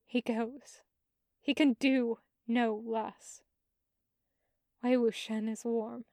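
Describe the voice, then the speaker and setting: Slow, high-voiced woman reading fan fiction. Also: little pitch movement, darkish tone, dry recording, studio quality. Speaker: podfic reader. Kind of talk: audiobook narration of fan fiction.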